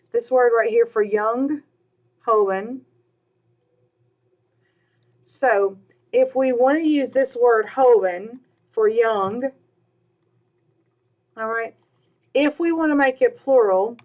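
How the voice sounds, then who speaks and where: A woman teaches a recorded Spanish grammar lesson in a slightly high voice, with lo-fi sound. She patiently repeats words slowly and fills the gaps between points with "all right" and "um."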